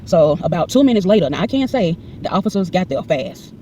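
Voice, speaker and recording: Woman in her 40s, rapid animated storytelling, mellow voice, indignant, quotes both sides of every exchange. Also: lowish voice, recorded from a distance, slight background noise. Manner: heated and indignant when retelling. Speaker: vlogger recounting a personal incident. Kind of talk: casual storytelling to camera.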